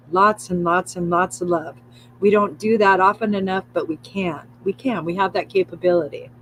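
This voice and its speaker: A woman's voice: on the low side, a little hiss or hum, rough recording. Soothing woman guiding a spiritual livestream. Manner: soothing, repetitive affirmations with swearing and laughter. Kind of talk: live spiritual guidance talk.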